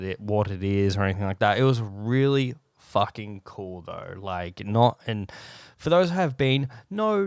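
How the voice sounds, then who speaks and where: A young Australian man hosting a casual solo podcast, rambling and animated and swearing often, talking close to the microphone. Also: mid-range voice, smooth, dry recording. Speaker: podcast host. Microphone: close podcast mic.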